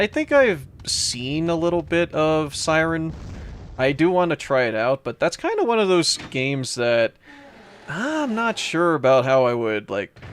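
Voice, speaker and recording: A young man streaming a horror game, chatting casually with his viewers in a loose, rambling way, full of fillers and restarts. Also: mid-range voice. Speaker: let's play streamer. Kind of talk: casual gameplay commentary reading chat.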